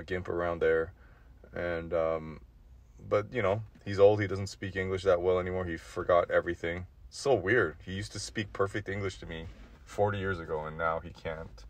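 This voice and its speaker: Man, 40s, low voice, dry close mic; casual rambling monologue with profanity and nervous laughs. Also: no echo. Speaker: vlogger.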